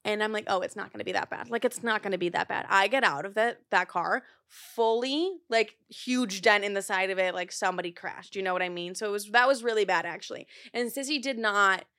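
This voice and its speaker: A young woman hosting a podcast, telling stories in a rambling, profane, animated way as she chats casually into her microphone. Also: medium pitch, brisk, hardly any pauses. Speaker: podcast host. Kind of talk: casual chat.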